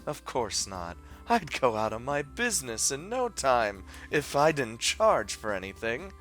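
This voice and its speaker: A composed, teasing teenage girl in a visual novel, speaking softly and dryly, as a man voices her. Her pitch moves in a lively way and the tone is bright, over faint music. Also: a little slow. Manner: soft, dry, teasing.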